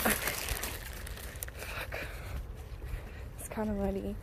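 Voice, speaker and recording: Unhurried cursing woman cooing at horses. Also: noisy background. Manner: swears freely, coos at the animals in a high voice. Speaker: vlogger. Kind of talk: casual barn vlog. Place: outdoors at a horse barn.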